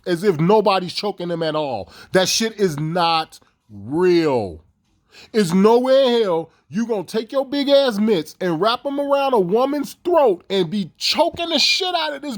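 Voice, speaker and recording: A man ranting in a heated, profane, repetitive way. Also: sits high. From Chicago. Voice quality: fast, heated, repetitive delivery. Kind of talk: profane conspiracy rant.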